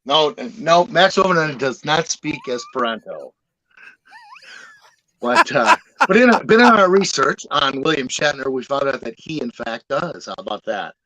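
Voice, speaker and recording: Bright, lively podcast co-host man. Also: mid-range voice, normal speed, a little hiss or hum, poor audio. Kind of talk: casual podcast chat.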